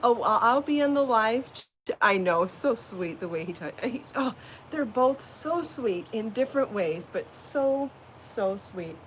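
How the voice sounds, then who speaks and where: A woman's voice: fairly high pitch, lively intonation, a little slow, fairly bright tone, a little hiss or hum. A woman hosting a casual live podcast from home, chatty and bubbly, laughing often as she talks. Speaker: podcast host and crochet designer. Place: home, then out in her garden.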